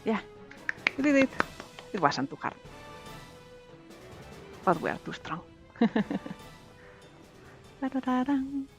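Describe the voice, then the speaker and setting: A woman live-streaming a game, chatting casually with viewers in an excitable, giggly way. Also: on the low side, slow pace, creaky, pauses often, lo-fi sound, music in the background.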